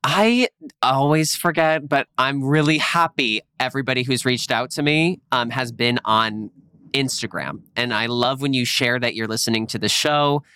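An upbeat man co-hosting a podcast, chatting casually and cheering his co-host on. His voice sits at mid pitch. The sound is dry and close, with no room around it. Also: normal speed, sharp tone, clean tone, no room sound.

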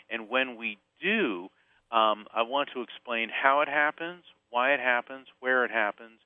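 A man from Central Florida tells a personal story as a guest, sounding tinny and narrow, as if over a phone line. His delivery is animated, with quick shifts as he acts out the voices of people in the story. The sound is close and dry. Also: medium pitch, no room sound. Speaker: guest author and medium. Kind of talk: storytelling interview.

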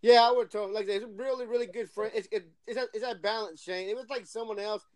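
A man co-hosting an online chat, rambling in halting, profane phrases. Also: high-pitched, steady tone, no room sound, clean studio sound. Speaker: podcast co-host. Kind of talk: casual chat. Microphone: online voice call.

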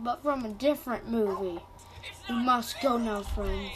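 A woman's voice: on the high side, unhurried, noisy background. A young woman rambling through casual, silly game commentary, easily surprised, with game music playing behind.

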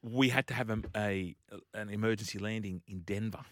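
A man on radio, chatting casually and telling a lively story with frequent laughs. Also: fairly low pitch, fairly quick, no echo, studio quality. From Australia. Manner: animated storyteller, laughing often. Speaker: radio host. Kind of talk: casual chat. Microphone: studio microphone.

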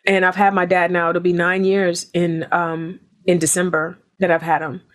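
A woman's voice: fairly low pitch, level tone, normal speed. A woman guest on a podcast talking in an earnest, heartfelt way, stressing her points by repeating phrases. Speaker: guest actress.

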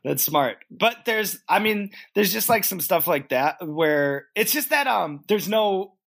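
Man, high voice, animated storyteller, casual swearing, podcast guest. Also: unhurried, creaky. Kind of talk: casual chat.

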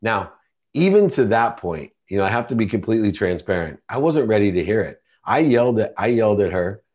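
A man's voice: fairly low pitch, very animated, a little fast, darkish tone. A middle-aged man, a podcast guest, telling a personal story in an earnest, confessional way.

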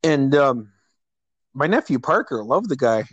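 A man in relaxed conversation, recalling old memories with plenty of laughter. He slips into higher, punchier voices when quoting people. The sound is close and dry, with no room echo. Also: a little slow, breathy edge, dull audio. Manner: animated storyteller, acts out quotes in a higher voice; laughs often, many fillers. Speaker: friend sharing memories. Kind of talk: casual storytelling chat.

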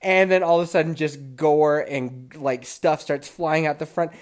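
A podcast host with a slightly high voice, steady in tone and at normal speed, tells a dream story in a casual, profane monologue. He laughs often and is still getting over a lingering cold.

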